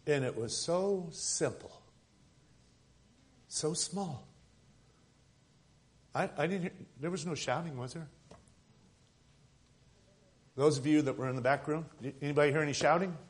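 A man preaching a sermon as pastor at a church service, swinging from loud emphatic lines to soft, hushed ones. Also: a little high, unhurried, pauses often.

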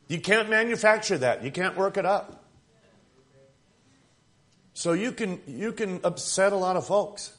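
Male preacher, slightly high-pitched, talks to the congregation plainly and punches key lines hard. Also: expressive, a little slow, pauses often, a bit bright. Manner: emphatic, conversational preaching with rising and falling intensity. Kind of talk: sermon.

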